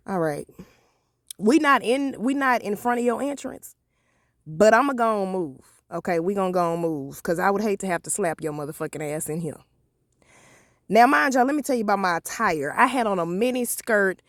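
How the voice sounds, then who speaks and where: An animated woman vlogger tells a story at home, swearing freely and talking straight to her viewers. Her voice sits at an ordinary pitch for a woman. The sound is dry and close. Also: dry recording. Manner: profane, animated, talks to viewers as y'all. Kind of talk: casual storytime.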